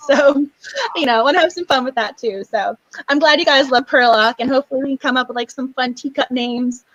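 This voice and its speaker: A woman's voice: high-pitched, a little fast, muffled recording. A woman hosting a book club live stream in casual chat, bubbly and gushing, close to tears with emotion. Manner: bubbly, gushing, laughs often.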